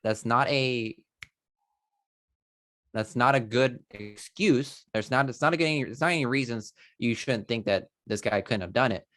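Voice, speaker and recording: A man's voice: medium pitch, a little slow, fairly bright tone, dry recording, clean studio sound. A man co-hosting a movie news podcast, chatting casually with rambling restarts and mild exclamations. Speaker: podcast co-host. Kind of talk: casual chat.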